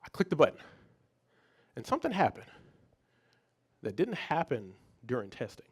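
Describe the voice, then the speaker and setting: A man who is a psychologist, giving a motivational talk as a lively story, often restarting and repeating words. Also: medium pitch, normal speed, breathy edge. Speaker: psychologist and speaker.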